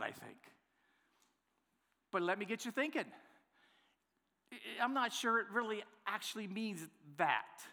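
A man preaching a sermon as pastor, playful and lively, acting out the excuses people give. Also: high voice, big-room sound. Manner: lively, playful, acts out congregants' replies. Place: church worship center.

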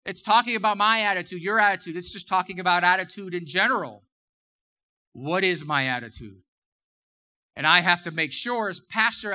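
Middle-aged guy preaching in church, bright voice, chatty, repeats himself. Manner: conversational preaching, repeats phrases, rises in pitch for emphasis. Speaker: pastor. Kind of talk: sermon.

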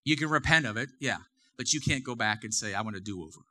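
A man's voice: mid-range voice, expressive, fast talker, pushed and bright. A middle-aged man preaching a sermon in a church, talking to the congregation in a conversational way and repeating phrases for emphasis. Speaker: pastor.

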